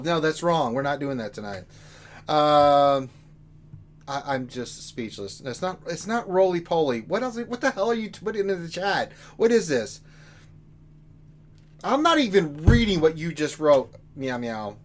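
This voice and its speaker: A man's voice: a little high, animated, moderate pace. A man co-hosting a game livestream in casual chat, joking and talking straight to his viewers in a rowdy way. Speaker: livestream co-host.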